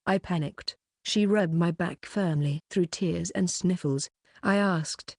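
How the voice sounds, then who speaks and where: A woman narrating a novel in the first person, with a steady, even reading. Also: lowish voice, a little slow, dry recording, studio quality. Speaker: audiobook narrator.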